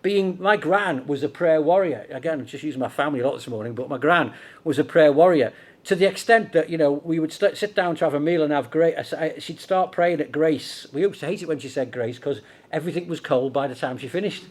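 A man's voice: on the high side, a little fast. A middle-aged man from Liverpool with a Scouse accent, preaching a sermon in a conversational way with rhetorical questions. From Liverpool, England.

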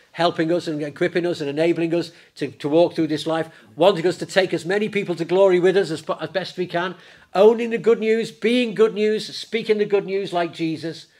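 A man preaching a sermon in church, lively and conversational, raising his voice when he acts out the disciples. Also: a little high. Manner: animated, acts out the disciples in a raised voice.

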